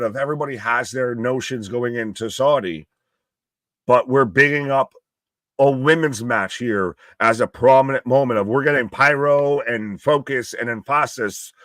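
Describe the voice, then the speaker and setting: A man's voice: mid-range voice, normal speed, fairly bright tone, dry recording. Joking man co-hosting a wrestling stream. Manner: loose, profane, joking, laughs often. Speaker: wrestling live stream co-host. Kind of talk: casual live-stream chat reacting to a wrestling event. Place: outdoors in afternoon sun.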